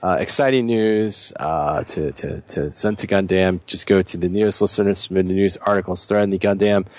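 A man's voice: low voice, steady tone, moderate pace, dry recording. A man hosting a podcast in casual chat, joking and rambling with frequent restarts. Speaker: podcast host.

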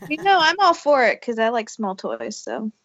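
Higher-voiced woman co-host, dry lo-fi sound. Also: wildly swooping pitch, normal speed, background noise. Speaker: podcast co-host. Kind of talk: casual chat. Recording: dull, lo-fi sound.

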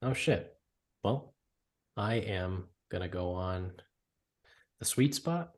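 A man's voice: deep voice, animated, slow pace. A man co-hosting a golf podcast, talking in a rambling, casual way with lots of fillers and swearing. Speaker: podcast co-host. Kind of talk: casual chat.

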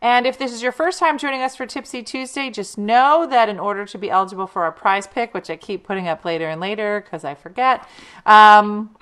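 A woman's voice: mid-range voice, brisk, fairly bright tone, clear, resonant tone. A woman hosting a casual live stream, chatting and reading viewer comments aloud. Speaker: livestream host.

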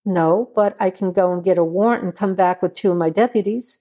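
Woman voicing a firm male sheriff, low mellow tone, pressing questions. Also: a little fast, lightly acted. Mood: stern. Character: stern male small-town sheriff questioning a suspect.

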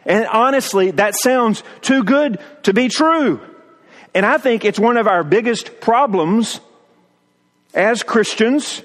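A male preacher with a notably high voice delivers his sermon outdoors. He speaks slowly and emphatically, leaning into each phrase and drawing listeners into call-and-response. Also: long reverb tail. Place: outdoors on a mountaintop.

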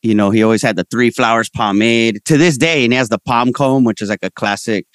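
A man talking as a comedian guest in a casual interview, telling stories in slangy, animated speech and voicing the people he quotes. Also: mid-range voice, fairly quick, no room sound, clean studio sound.

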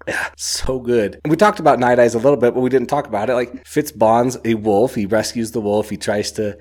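A man's voice: fairly low pitch, fairly quick, few pauses, a little mellow. A man talking casually and enthusiastically about a book he has read, rambling with lots of filler words. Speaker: book reviewer.

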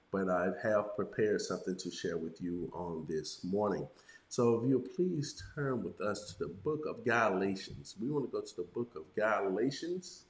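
A middle-aged male pastor delivering a sermon, congested and a little nasal from illness, slightly raspy, dropping "amen" after nearly every line. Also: lowish voice, echoey room. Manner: punctuates lines with "amen".

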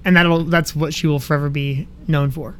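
A man's voice: a little high, steady tone, fairly bright tone. A married man co-hosting a podcast, trading wry, laughing commentary. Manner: wry, quick, laughs often. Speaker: podcast co-host. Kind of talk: casual recap chat.

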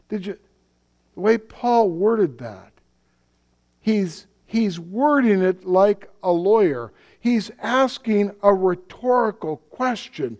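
A man preaching a sermon, deliberate and emphatic, posing rhetorical questions and dropping low and soft on solemn points. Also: animated.

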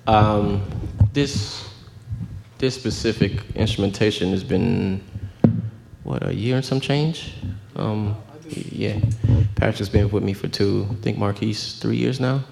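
A man's voice: fairly low pitch, slow, creaky, crowd noise. A young man from Miami whose first language was Haitian Creole, telling stories in a casual interview and acting out the voices. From Miami, Florida. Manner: storytelling, acts out voices with laughter. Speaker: bandleader. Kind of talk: casual radio interview chat.

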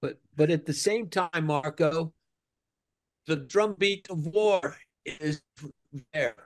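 A man's voice: a little high, slow pace. A man speaking as a guest in a casual discussion, earnest and building concern as he talks. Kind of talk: casual chat.

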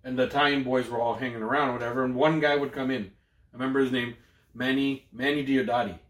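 A man's voice: mid-range voice, fairly even intonation, fast, fairly bright tone, reverberant. A Canadian man co-hosting a podcast, telling loose, profane stories full of slang in casual chat. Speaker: podcast co-host.

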